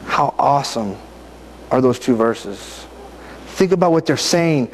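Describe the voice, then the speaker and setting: A man's voice: medium pitch, lively intonation, unhurried, pauses often, a little hiss or hum. A man giving a conversational sermon, often asking his listeners questions and reading scripture aloud. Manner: conversational, asks the audience questions. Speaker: preacher.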